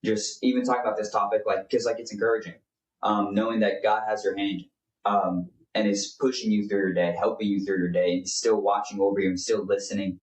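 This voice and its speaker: Brisk and level in tone, his voice on the low side, a young podcast co-host rambles earnestly through a casual faith conversation full of fillers. The room sounds open and the mic distant.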